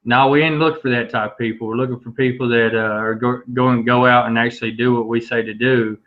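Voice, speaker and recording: A man's voice: medium pitch, little pitch movement, fast talker. Drawling man with a dull lo-fi mic. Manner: laid-back, drawling, lots of fillers. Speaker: co-host of online business hangout. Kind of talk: casual chat.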